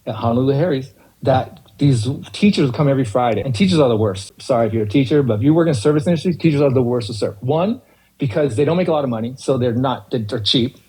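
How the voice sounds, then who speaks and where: A man's voice: medium pitch, expressive, quick pace, mellow, husky, rough recording. A man guesting on a podcast, chatting casually and ranting animatedly with acted-out quotes. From California. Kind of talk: casual chat.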